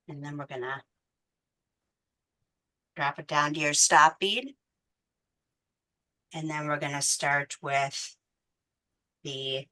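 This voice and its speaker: A woman's voice: sits low, pushed and bright. A woman teaching a beading class step by step, counting beads aloud patiently. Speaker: beading instructor. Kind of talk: step-by-step craft tutorial.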